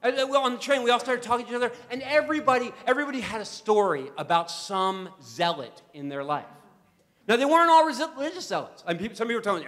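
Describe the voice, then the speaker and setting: A man addresses an assembly as guest speaker, telling a story with animated energy and frequent restarts. His voice sits high and bright. The sound carries a long reverb from the hall. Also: quick pace. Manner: animated, repeats words when starting sentences.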